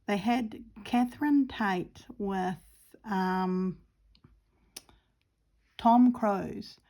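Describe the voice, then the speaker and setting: Chatty New woman with a gravelly voice. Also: medium pitch, extremely slow, warm tone. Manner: rambling, giggly and self-deprecating, lots of fillers. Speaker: craft channel host. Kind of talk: casual chat while crafting.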